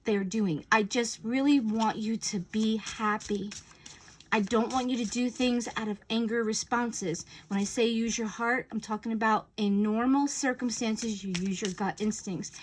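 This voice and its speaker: A woman speaks in a slightly high voice, giving spiritual advice to her viewers. She talks casually and bluntly, with plenty of fillers, like she is chatting with friends. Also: steady tone, normal speed, slight background noise. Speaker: spiritual message reader.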